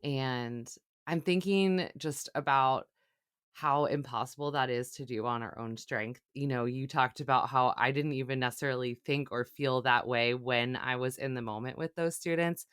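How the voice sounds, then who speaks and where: A man's voice: medium pitch, moderate pace, fairly bright tone, clean tone, no echo, clean studio sound. A man speaking earnestly and affirmingly in a roundtable discussion. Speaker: discussion participant.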